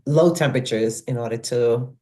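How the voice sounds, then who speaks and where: A woman's voice: a bass voice, moderate pace, dark tone. A woman co-hosting a casual film discussion, enthusiastically retelling scenes. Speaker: podcast co-host.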